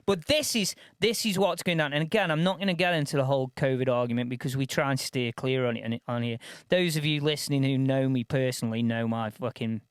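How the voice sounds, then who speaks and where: A man co-hosting a podcast, telling an animated, sweary story in casual chat and repeating himself as he goes. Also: mid-range voice, quick pace, hardly any pauses, clear, resonant tone, no echo, studio quality. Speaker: podcast co-host.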